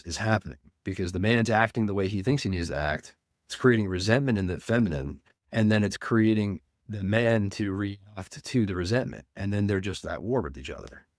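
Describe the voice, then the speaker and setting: A man, a men's coach, speaking earnestly and deliberately as a guest in an interview. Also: low voice, no echo, clean studio sound. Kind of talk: reflective interview talk.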